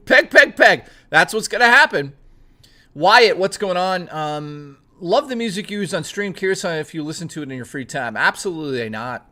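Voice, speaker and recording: A man's voice: on the high side, animated, moderate pace, pushed and bright. A young man livestreaming, casually reading out viewer messages and riffing on them with plenty of swearing. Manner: loose, profane, reads viewer messages aloud and riffs on them. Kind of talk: casual live stream chat.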